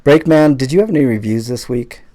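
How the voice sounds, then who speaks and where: A man hosting a casual live podcast with a middle-pitched voice. He rambles, jokes and swears easily, filling gaps with "uh" and "um". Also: lively intonation, brisk, warm tone. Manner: loose, joking, swears casually, many fillers. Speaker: podcast host.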